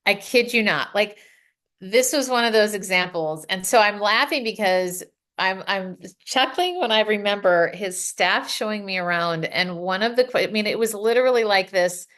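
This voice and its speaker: A middle-aged woman from the United States, a podcast guest telling stories in a casual, animated way, laughing often and acting out what people said. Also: mid-range voice, normal speed. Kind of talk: casual storytelling.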